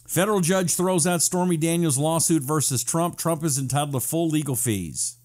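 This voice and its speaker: Sarcastic guy doing a live show, reads viewer comments, kinda high voice. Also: normal speed, a little mellow. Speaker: talk show host. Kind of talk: casual live-stream commentary.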